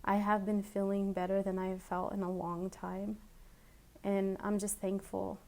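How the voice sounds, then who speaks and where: A woman recording a heartfelt personal video message, speaking in an emotional, halting way with many restarts, and she has children. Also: medium pitch, flat delivery, a little mellow. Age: adult with children. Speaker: vlogger.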